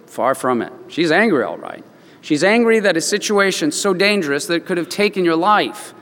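A man's voice: fairly high pitch, a bit bright, long reverb tail. A man preaching a sermon, telling stories and acting out the voices of the people in them. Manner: storytelling, acts out voices in quotes. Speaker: pastor.

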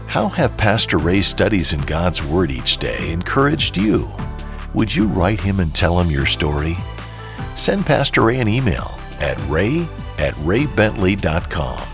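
A man gives a scripted radio announcement in a deep, gravelly voice with a lively, rising and falling delivery. He speaks in a smooth, inviting way and enunciates clearly. A music bed plays beneath him. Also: a little slow. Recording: studio voice over music bed. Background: background music.

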